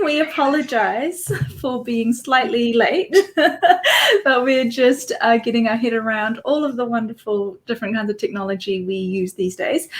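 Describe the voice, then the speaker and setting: Higher-voiced woman hosting a chat. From New Zealand. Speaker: host. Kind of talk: casual online conversation.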